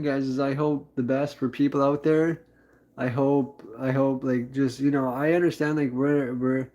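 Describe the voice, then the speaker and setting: A man's voice: on the high side, dark tone, muffled recording. A man chatting on a live stream in a rambling, upbeat way, full of fillers and restarts. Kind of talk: casual live-stream chat.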